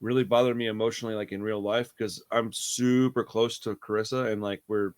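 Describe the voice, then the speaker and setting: A man talking casually about a movie. He is animated, swears freely and laughs often. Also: fairly low pitch, fairly quick. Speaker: podcast co-host.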